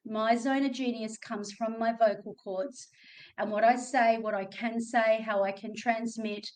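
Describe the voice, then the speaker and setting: A woman's voice: fairly high pitch, recorded from a distance. A woman with an Australian accent, a coach talking on her podcast in a chatty, joking way with rambling asides. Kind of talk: motivational podcast talk.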